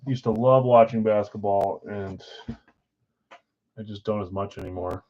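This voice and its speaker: A man's voice: fairly low pitch, unhurried, highs cut off. Tired man hosting a live card stream. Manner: chatty, rambling, talks straight to viewers. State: tired, yawning. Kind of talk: casual live-stream chat, calling out team spots.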